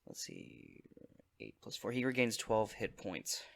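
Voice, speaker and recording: A man plays a tabletop game in a fairly low, easygoing voice. He talks casually and relaxed, with small fillers as he rolls dice and acts. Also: measured pace, creaky. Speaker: player.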